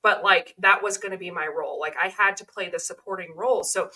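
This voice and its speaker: A woman's voice: lowish voice, brisk, bright, forceful tone, rough recording. A woman podcast host from California telling stories in a chatty, casual way, laughing as she goes. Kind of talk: casual conversation.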